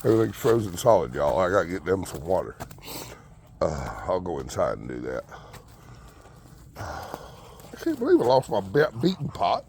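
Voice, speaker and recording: A man with a rough, gravelly voice chats casually to his viewers while he feeds his hens in a frozen yard. His pitch swoops up and down constantly, and his drawl turns soft and coaxing when he calls to the birds. A faint hiss of noise sits under the recording. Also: wildly swooping pitch, moderate pace, pauses often. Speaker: backyard chicken keeper. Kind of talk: casual vlog chat. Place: outdoor yard and front porch in freezing weather.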